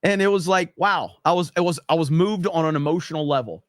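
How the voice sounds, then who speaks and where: A man's voice: fairly high pitch, fairly quick, dry recording. A young man hosting a casual livestream, sarcastic and rambling with lots of fillers, talking close to a desk microphone. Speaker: livestream host.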